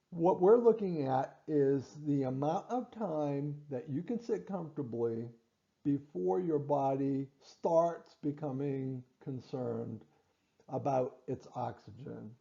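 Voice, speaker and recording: Man, clinician-teacher, gravelly, mellow tone, dull lo-fi recording, stresses points over and over. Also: fairly high pitch. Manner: repeats and stresses key points, with fillers and restarts. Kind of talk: instructional explanation.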